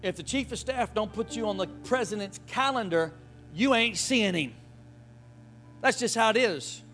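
A man preaching a sermon with emphatic call-and-response, folksy phrasing, and shouted hallelujahs. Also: high-pitched, moderate pace, faint music behind. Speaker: pastor.

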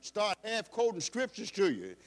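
A man's voice: high voice, huge pitch swings, moderate pace. A male pastor preaching a sermon in an emphatic style, repeating phrases for stress.

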